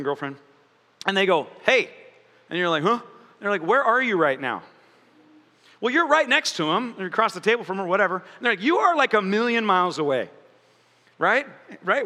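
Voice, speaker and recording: A male pastor preaches with a strikingly high, bright and forceful voice. He talks playfully and keeps slipping into little acted voices for the people he quotes. Long reverb from a large hall trails behind his words. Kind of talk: sermon.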